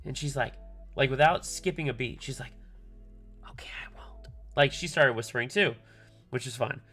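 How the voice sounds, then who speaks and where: Soft background music plays as a streamer in his thirties tells a long, wandering story full of fillers, typing on a keyboard and muttering to himself. His medium-pitched voice is bright and forceful, and he speaks fairly quickly.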